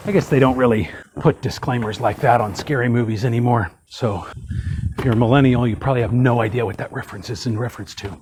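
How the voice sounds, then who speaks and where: A man's voice: medium pitch, fast, noisy background. A man hosting a casual how-to tutorial, chatty and folksy, with joking asides. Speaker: hot tub channel host.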